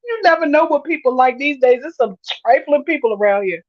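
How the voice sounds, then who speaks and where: A woman's voice: high-pitched, animated, moderate pace, no room sound. Woman, livestream host, reads chat aloud, laughs a lot, dry sound, slightly muffled lo-fi mic. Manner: laughs often, reads viewer comments aloud, Southern US slang. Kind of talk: casual livestream commentary.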